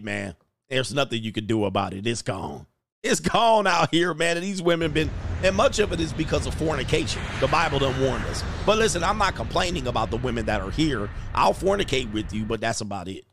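A man's voice: mid-range voice, vocal fry, fairly bright tone, no room sound, clean studio sound. A man hosting a reaction commentary show, talking in a crude, joking, mocking way.

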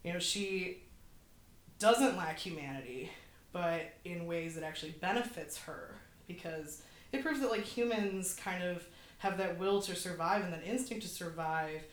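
A young woman co-hosting a podcast, chatting casually about a film, laughing often and saying "like" a lot. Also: normal speed. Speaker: podcast co-host. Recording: echoey room with faint rumble.

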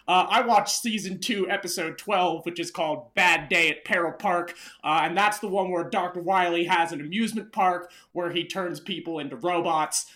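A man co-hosting a casual chat, relaxed, full of fillers and swearing freely. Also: high-pitched, moderate pace, few pauses. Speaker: podcast co-host.

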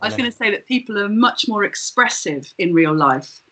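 A woman's voice: mid-range voice, expressive, a little fast, pushed and bright, poor audio. A woman on a video call, a guest comedian, chatting in a ranting, self-deprecating way. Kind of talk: casual chat on a video call.

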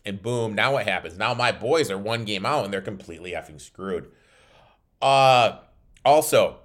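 Low-voiced ranting sports podcast host. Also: male voice, fairly bright tone. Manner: blunt, ranting, swears casually. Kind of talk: casual sports betting podcast talk.

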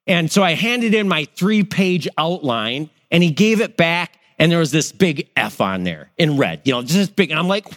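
A middle-aged pastor preaching with a fairly high voice. He is animated and acts out people's reactions as he goes. His voice rings with a long hall reverb. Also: normal speed. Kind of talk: sermon.

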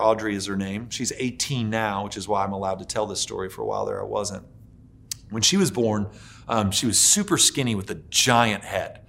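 A man in his forties preaching a sermon as a pastor, telling stories with lots of filler words and swinging from hushed to loud. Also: mid-range voice. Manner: animated storytelling with many filler likes, swinging between hushed and loud.

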